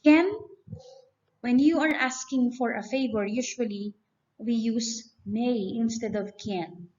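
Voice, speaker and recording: A woman's voice: fairly high pitch, darkish tone. A woman giving a grammar lecture, explaining step by step and reading example sentences aloud. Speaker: teacher. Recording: dull lo-fi recording.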